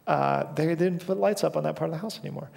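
Gravelly young man preaching in a hall. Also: on the high side, fast, a little mellow. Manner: casual storytelling, self-deprecating, with frequent fillers. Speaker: pastor. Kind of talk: sermon. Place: church sanctuary.

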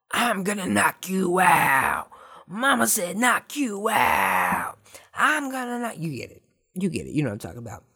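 A man hosting a laid-back podcast and answering listener questions. He rambles and cracks jokes, and his voice jumps up in excited bursts now and then. It is a plain, mid-pitched male voice. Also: gravelly. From Southern California. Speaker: podcast host.

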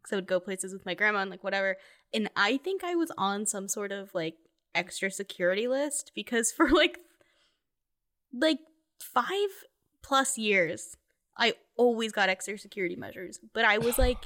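A woman's voice: medium pitch, lively intonation, moderate pace, a bit bright. A young woman chatting casually and telling a long personal anecdote. She talks in a loose, rambling way with lots of fillers. She keeps breaking into laughing asides. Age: young adult. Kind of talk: casual chat.

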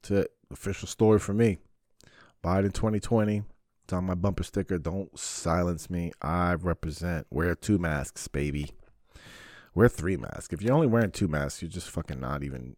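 Deep-voiced guy ranting on his podcast, swears a lot, dry close sound. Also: moderate pace, darkish tone, no echo. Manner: profane, rambling, sarcastic rants. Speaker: podcast host. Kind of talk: casual solo podcast monologue.

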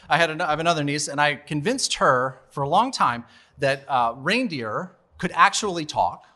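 A man's voice: fairly high pitch, bright, forceful tone. A man in his forties telling a funny personal story live on stage into a microphone, chatty and laughing at his own tale. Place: live storytelling show at a bar venue.

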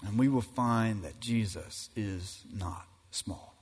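A man preaching a sermon as pastor, emphatic and building to loud climaxes. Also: fairly low pitch, slow pace, husky. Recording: reverberant hall.

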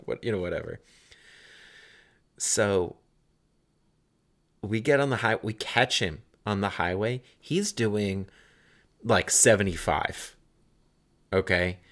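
Man in his thirties, low voice, casual storytelling, rambling, swears a bit. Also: takes it slowly, long pauses, fairly bright tone. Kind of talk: casual anecdote telling.

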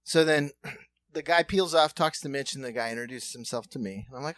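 A man telling a long story on a podcast in a lively, animated way, acting out other people's voices and laughing often. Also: mid-range voice, brisk, dry recording. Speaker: podcast co-host. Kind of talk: casual storytelling chat.

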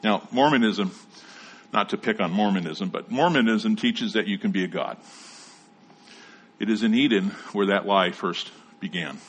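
A man with a somewhat low, husky voice delivers a sermon. He teaches in a measured way and reads scripture passages aloud between his explanations. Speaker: pastor.

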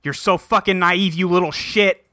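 A man's voice: high voice, steady tone, moderate pace, pushed and bright, no echo, studio quality. A man voicing a brooding, cynical young man who mutters curses under his breath. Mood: irritated.

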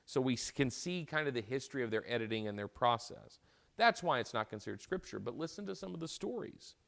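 A man's voice: mid-range voice, lively intonation, fast, gravelly, fairly bright tone. A man teaching an informal lecture as a Bible teacher, retelling a story in a conversational way and often repeating and restarting his words.

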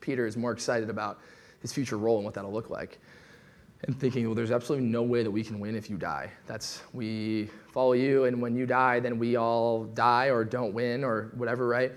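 A young man giving a sermon from the pulpit with an easy, chatty delivery. His voice sits at an ordinary middle pitch, and he keeps slipping into quick acted-out asides before returning to the text. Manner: casual conversational preaching, lively with asides. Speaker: pastor.

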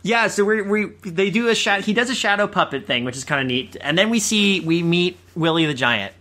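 Podcast co-host, man, bright crisp voice, enthusiastic, cracks jokes. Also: sits high, expressive. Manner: enthusiastic, joking, quick asides. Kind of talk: casual film discussion.

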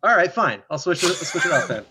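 A man's voice: high voice, sing-song, fast, sharp tone, breathy edge. A man as a guest on a casual podcast, rambling with many hesitations. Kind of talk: casual group chat.

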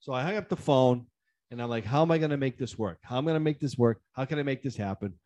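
A man in casual conversation, worked up as he retells a frustrating episode. He rants animatedly, voices the people he argued with, repeats himself and restarts sentences, and his voice shoots up when he gets riled. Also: fast. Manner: animated ranting, jumps high in pitch when riled; acts out the other side of phone calls. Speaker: storyteller in a chat. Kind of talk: casual chat.

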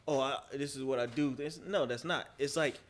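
Podcast guest, male, mid-pitched, earnest and explanatory. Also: a little fast. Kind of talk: casual chat.

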